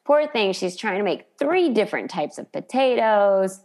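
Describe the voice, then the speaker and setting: Animated woman recapping with a friend. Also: mid-range voice, normal speed. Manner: animated storyteller who acts out quotes. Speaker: podcast co-host. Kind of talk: casual chat recapping a sitcom.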